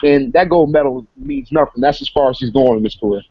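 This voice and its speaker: A man, a guest in a casual online hangout, talking haltingly and repeating words as he goes. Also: mid-range voice, big pitch swings, gravelly. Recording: dull lo-fi call audio.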